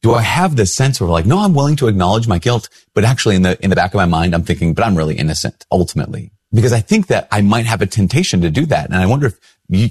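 A male priest hosts a video and tells a reflective story in a relaxed, conversational way. His voice is lowish and a little husky. He keeps questioning himself, and his pitch leaps up when he acts out other people's words. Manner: conversational and self-questioning, jumps higher when quoting others. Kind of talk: reflective storytelling talk to camera.

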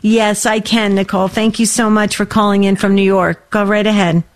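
A woman hosting a faith-based call-in radio show, affirming callers with soft murmurs of agreement. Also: mid-range voice, level tone, normal speed. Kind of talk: warm call-in radio chat.

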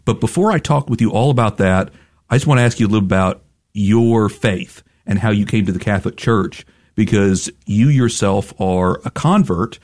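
A man hosting a radio interview in a studio, asking friendly, measured questions. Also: lowish voice, darkish tone. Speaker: radio host.

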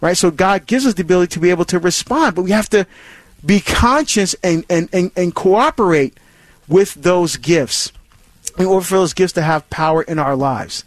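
A man's voice: high-pitched, lively intonation, normal speed, no room sound. A man hosting a Catholic call-in radio show, talking earnestly about faith with many restarts and repetitions. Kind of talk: call-in radio talk on scripture.

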